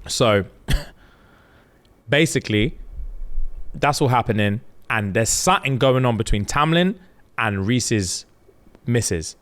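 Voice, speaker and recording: Guy, podcast co-host, very lively up-and-down delivery, casual retelling. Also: takes it slowly, long pauses. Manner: animated, acts out characters' lines with big pitch jumps and laughter. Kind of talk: casual chat retelling a book.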